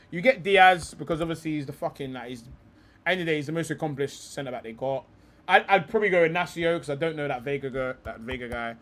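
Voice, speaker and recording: A young man hosting a live football talk stream. He swears a lot and thinks aloud, often trailing off into low mutters. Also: a bit bright. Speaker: streamer host.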